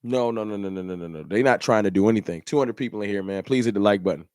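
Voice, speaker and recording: A man's voice: fairly low pitch, quick pace, a little mellow, clean tone, no echo, clean studio sound. A man hosting a fan channel livestream, ranting in an emphatic, repetitive, slangy way. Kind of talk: livestream rant.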